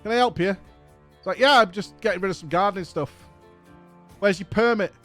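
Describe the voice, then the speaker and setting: A man with a high, bright-toned voice and an English accent tells a rambling story to his viewers. His delivery is exasperated and profane, and he acts out both sides of each conversation. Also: a little fast, faint music behind. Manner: exasperated, profane anecdote with acted-out dialogue. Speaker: streamer host. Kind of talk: casual storytelling.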